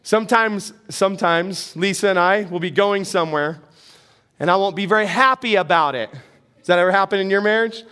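A middle-aged man delivers a sermon in a very high voice. He keeps it conversational, putting questions to the congregation and teasing himself along the way. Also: moderate pace, sharp tone, clean tone. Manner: conversational, asks the congregation questions, self-deprecating humor. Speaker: pastor.

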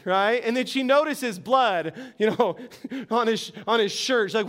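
A male pastor preaching a sermon, telling stories in a lively way and acting out the people in them. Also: high voice, a little slow. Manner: animated storytelling, acts out characters.

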